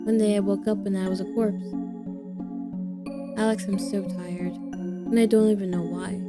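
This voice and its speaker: A woman's voice: medium pitch, flat delivery, moderate pace, over loud music, natural voice. Woman voicing a worn-out, hollow young woman. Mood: weary, hollow. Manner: weary, hollow, bursts into bitter anger. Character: depressed, exhausted young woman, self-loathing. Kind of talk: visual novel voice acting.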